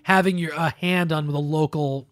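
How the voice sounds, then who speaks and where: Animated higher-voiced man, dry close mic. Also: normal speed, no echo. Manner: animated, talks in bursts with quoted asides. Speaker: podcast co-host. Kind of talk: casual political chat.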